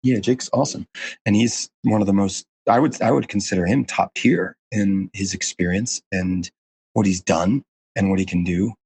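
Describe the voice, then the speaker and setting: Low-voiced man, earnest and rambling. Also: moderate pace, vocal fry, darkish tone, slightly rough. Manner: earnest, rambling, full of fillers and restarts. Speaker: guest. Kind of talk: casual interview conversation.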